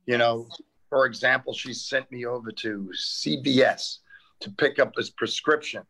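An older man, a comedian telling stories in lively chat and acting out the people in them. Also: medium pitch, normal speed, vocal fry, husky. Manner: animated, acts out people in funny voices. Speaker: comedian guest. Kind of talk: storytelling comic chat.

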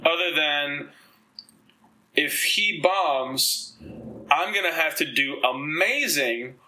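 Bright-voiced man telling stories on a podcast. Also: fairly high pitch, slow, a little hiss or hum, poor audio. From Dominican. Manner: rambling, profane, animated storytelling. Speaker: podcast host. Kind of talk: casual chat.

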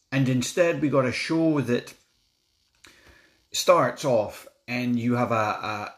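Blunt Scottish man ranting a review. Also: medium pitch. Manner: blunt and outspoken, swears, stumbles and restarts. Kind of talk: casual review vlog.

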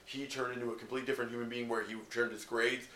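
A man's voice: medium pitch, little pitch movement, racing, bright, forceful tone. A young Canadian man co-hosting a podcast, chatty and full of fillers like "you know what I mean". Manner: chatty, filler-heavy, laughs often. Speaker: podcast co-host. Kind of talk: casual podcast chat. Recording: roomy echo, faint noise.

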